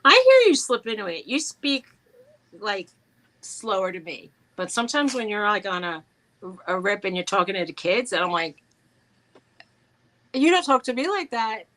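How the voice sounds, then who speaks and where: A woman's voice: medium pitch, sing-song, moderate pace, a bit bright, low-quality recording. A middle-aged woman from New York talks in a casual, chatty way, with a plain New York accent. She tells her stories with animation and laughs easily. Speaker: co-host. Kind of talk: casual chat.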